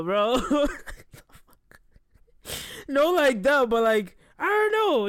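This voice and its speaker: A man's voice: high-pitched, expressive, slow, pauses often, smooth, no room sound, clean studio sound. A man hosting a podcast, reacting casually to a video, laughing often and swearing, torn between amusement and unease.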